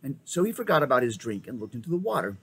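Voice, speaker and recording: A man reading a children's novel aloud in an expressive, animated way. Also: medium pitch, fast, a little hiss or hum, poor audio. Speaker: reader. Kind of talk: storybook read-aloud.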